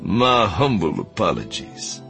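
A man voicing a smooth, charming male scoundrel who talks slowly and warmly. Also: fairly low pitch, big pitch swings, faint music behind, exaggerated voice. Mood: easygoing. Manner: smooth, slow, wooing delivery.

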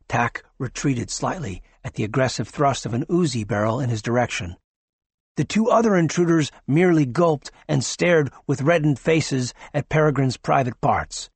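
Husky guy reading an audiobook, steady, dry studio sound. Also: mid-range voice, normal speed, dry recording. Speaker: audiobook narrator. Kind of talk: scripted narration.

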